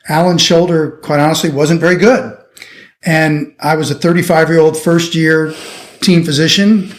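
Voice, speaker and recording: A middle-aged surgeon from the United States telling a lively anecdote in an interview, acting out the people he quotes. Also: fairly high pitch. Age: 50s. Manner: animated anecdotal storytelling, acting out quoted voices. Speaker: orthopedic surgeon guest. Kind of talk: storytelling interview.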